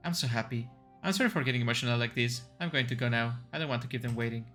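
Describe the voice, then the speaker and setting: A controlling, wealthy mother speaks in a firm, formal way, as a man reads her lines from a story game. The voice is bright and forceful, with a middle pitch. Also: very fast, soft background music, lightly acted. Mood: tearful.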